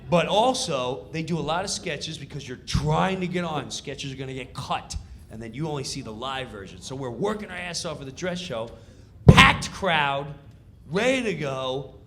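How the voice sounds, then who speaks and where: Animated man telling a comedy story. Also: fairly high pitch, normal speed. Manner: excited, theatrical, acts out scenes.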